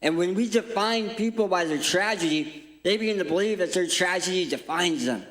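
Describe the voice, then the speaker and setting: A man in his thirties with a permanent speech impediment gives a jokey, self-deprecating talk as a guest speaker in a church auditorium. It's humorous and inspirational, delivered in a high-pitched, slightly fast, somewhat bright voice with a roomy sound.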